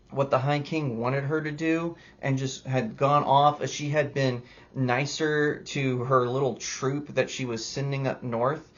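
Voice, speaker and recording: A man's voice: medium pitch, dull audio. Exasperated man ranting a TV review. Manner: exasperated, sarcastic, fast rambling with restarts. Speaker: video host, show reviewer.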